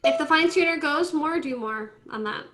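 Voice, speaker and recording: Bright high-voiced woman coaching violin tuning. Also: a little hiss or hum. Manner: brisk, directive coaching with light laughs. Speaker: violin teacher. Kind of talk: online group class instruction. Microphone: video call. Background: faint violin notes from students.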